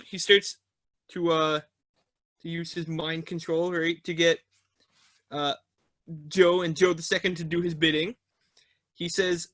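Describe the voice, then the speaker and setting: A young man tells an improvised story slowly and haltingly, filling pauses as he goes. His voice is bright and even, recorded close and dry. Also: fairly high pitch, dry recording. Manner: halting, many fillers. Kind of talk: improvised round-robin storytelling.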